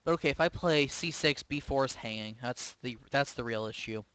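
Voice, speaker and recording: A man's voice: mid-range voice, fairly quick, fairly bright tone, no room sound, poor audio. A man commentating his own online chess game live, thinking aloud with hesitant, self-questioning remarks. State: sleepy, yawning. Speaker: chess streamer.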